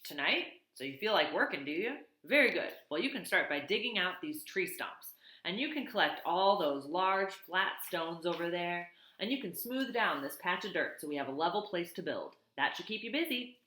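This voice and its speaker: A woman's voice: fairly low pitch, expressive, normal speed, few pauses, bright, forceful tone, echoey room. A woman voicing a chatty, helpful male beaver who builds lodges, eager and bossy as he gives advice. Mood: cheerful.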